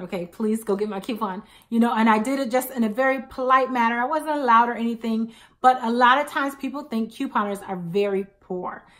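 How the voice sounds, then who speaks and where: A woman's voice: a little high, sharp tone. A woman in her thirties chatting to camera as a couponing vlogger, telling stories with emphatic asides. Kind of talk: casual chat to camera.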